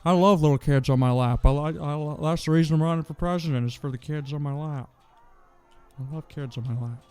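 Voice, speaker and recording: A man's voice: on the high side, fairly quick, darkish tone, clean tone, natural voice. A man doing a mumbling, toothless old politician. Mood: doddering. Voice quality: mumbling, lisping as if holding teeth in. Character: doddering older male politician losing his teeth.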